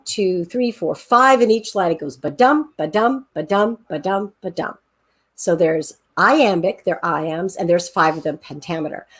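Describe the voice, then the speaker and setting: A woman's voice: medium pitch, breathy edge. A woman teacher giving an enthusiastic, encouraging online class over a video call, counting aloud and tapping out rhythms. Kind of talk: online class lesson, screen-sharing.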